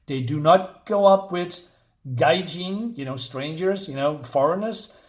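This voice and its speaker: A man's voice: a little high, a little slow. A man reviewing a comic book in a rambling rant, exasperated and sarcastic, with many fillers and restarts. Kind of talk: ranting review.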